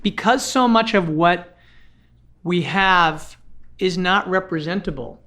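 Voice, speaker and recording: A man's voice: sits high, slow. A middle-aged man, a film director, talking animatedly in a podcast conversation, often restarting and rambling through his stories. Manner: animated, rambling, self-interrupting storyteller.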